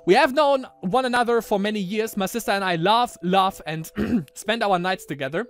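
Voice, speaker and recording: A man's voice: high voice, moderate pace, faint music behind, voice pushed up. A man voicing a haughty young Roman emperor with grandiose, theatrical delivery, reading game lines aloud. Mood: smug.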